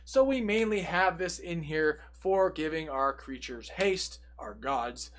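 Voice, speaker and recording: A fairly high-voiced young man talks through a card deck one card at a time. He reads the card text in a steady run, then breaks off into quick, joking asides in a casual, chatty tone. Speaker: deck tech presenter.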